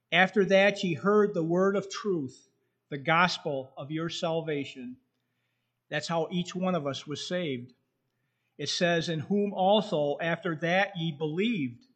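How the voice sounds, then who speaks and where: A man preaching a sermon in a slow, earnest way, reading scripture aloud, with a slight whistle from his tooth. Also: high-pitched.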